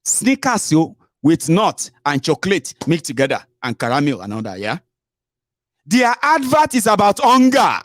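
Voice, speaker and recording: A Nigerian man with a Yoruba accent hosting an online radio show, giving animated political commentary mixed with Pidgin. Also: a little high, normal speed, a little hiss or hum. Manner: animated, mixing Pidgin and Yoruba, stretching words for emphasis.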